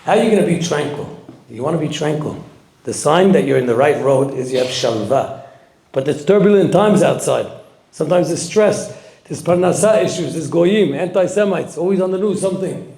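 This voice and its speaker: A man giving a sermon as a rabbi, telling the story with lively acted-out quotes and Hebrew terms. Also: a little high, moderate pace. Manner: animated storytelling, acting out quoted voices; sprinkles Hebrew and Yiddish terms. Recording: echoey room.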